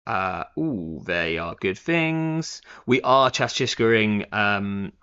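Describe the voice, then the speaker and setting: A man's voice: on the low side, expressive, slow, bright, forceful tone, smooth. A young man streaming a card game live, thinking aloud in a rambling way with lots of fillers and self-corrections. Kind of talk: casual live-stream commentary. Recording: dull, lo-fi stream audio.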